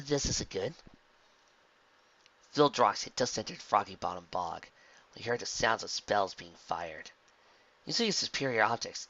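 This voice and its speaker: A man reading a fan fiction story aloud in a plain, steady manner. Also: fairly low pitch, muffled recording. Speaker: narrator.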